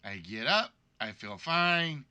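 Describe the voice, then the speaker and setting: A man's cold has left his voice weakened and congested as he hosts a game show livestream, rambling casually through an apologetic story about being sick. He's very animated yet unhurried, speaking at a medium pitch in a pushed, bright, clean tone.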